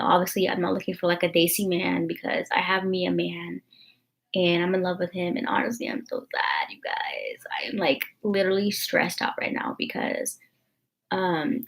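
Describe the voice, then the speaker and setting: A woman's voice: fairly low pitch, gravelly. A young woman vlogging in a rambling, emotional, confessional way, full of fillers. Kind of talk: casual confessional vlog chat.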